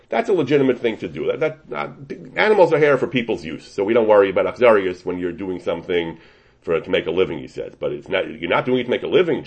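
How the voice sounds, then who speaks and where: Man teaching Torah, lively husky voice. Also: low voice. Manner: explains a rabbinic ruling, weaving in Hebrew and Yiddish terms, with many restarts. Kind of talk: Talmudic lecture.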